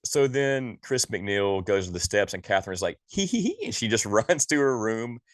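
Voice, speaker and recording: A man's voice: fairly low pitch, moderate pace, dry recording, studio quality. A man co-hosting a podcast, giving an exasperated, profane movie review in casual chat. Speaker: podcast co-host.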